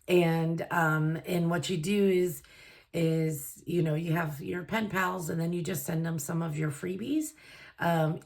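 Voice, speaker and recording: A woman's voice: lowish voice, darkish tone. A woman budgeting vlogger chatting casually to camera, gushing and emotional, with a lot of fillers. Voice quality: gravelly, creaky voice.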